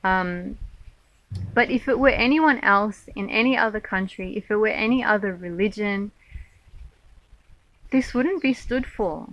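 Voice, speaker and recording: A woman's voice: mid-range voice, unhurried, long pauses, muffled recording. A woman who is a Hindu monk, telling a personal story in a vlog with earnest, emphatic delivery and frequent fillers.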